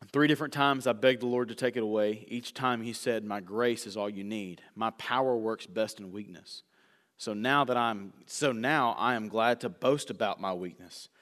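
A man preaching a sermon in a church sanctuary, a self-described fast talker who slows down for emphasis and swings from loud bursts to hushed asides. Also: mid-range voice. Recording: echoey church hall reverb.

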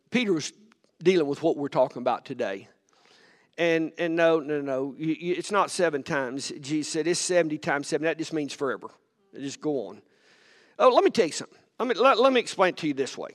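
Impassioned high-voiced preacher. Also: male voice. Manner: impassioned preaching, rising to near-shouts; repeats and stumbles over words. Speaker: pastor. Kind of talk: sermon. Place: church sanctuary. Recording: long hall reverb from a sanctuary.

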